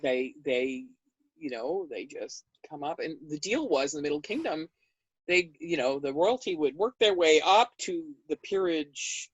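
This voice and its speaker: A woman guest in an interview, telling a story in a conversational way and acting out the quoted dialogue with big jumps in pitch. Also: animated, measured pace, husky, no room sound, lo-fi sound. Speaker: interview guest recounting history.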